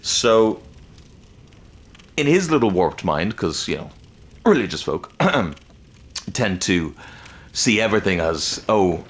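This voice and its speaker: A man with a low, deep voice talks through a game as he plays it, loose and rambling. He swears constantly and keeps the tone off-the-cuff, like a casual let's-play commentary. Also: big pitch swings, slow, pauses often. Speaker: gaming channel host.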